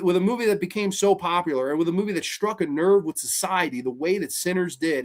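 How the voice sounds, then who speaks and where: Reviewing a movie, this man, who hosts a horror podcast, rants casually with plenty of profanity and sarcasm. His delivery lurches from low mutters to loud eruptions, and he mimics the characters in goofy voices to ridicule them.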